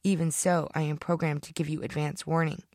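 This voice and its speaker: A woman's voice: low-pitched, fairly quick, dry recording, clean studio sound. A woman reading an evil rat assassin. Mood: menacing. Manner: flat intoning delivery. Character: evil male rat assassin, cold and blunt.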